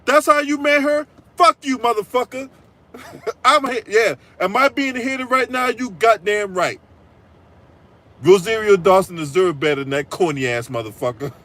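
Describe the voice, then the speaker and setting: A man's voice: sits high, moderate pace, sharp tone, poor audio. A man hosting a political commentary channel, delivering a profane, mocking rant full of crude trash talk and repeated "right?".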